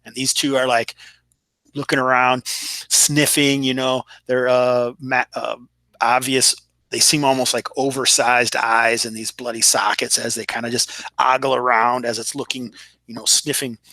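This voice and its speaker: Bright-voiced man running a tabletop game. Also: medium pitch, little pitch movement, no echo. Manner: descriptive, halting with fillers. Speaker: game master.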